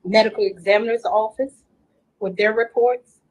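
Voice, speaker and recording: A woman's voice: on the high side, steady tone, normal speed, poor audio. A middle-aged woman, a grieving mother, earnestly recounting details at length in a recorded interview.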